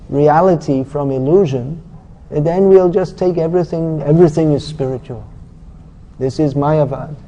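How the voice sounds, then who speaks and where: A man leads a scripture class with a sermon, berating listeners in a blunt, sarcastic way. His tone is very dark and mellow though a bit high-pitched for a male voice, captured in low-quality audio.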